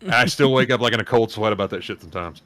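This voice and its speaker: A man's voice: on the low side, rapid-fire, sharp tone. A man co-hosting a podcast, chatting casually in a rambling, self-mocking way. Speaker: podcast co-host. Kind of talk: casual chat.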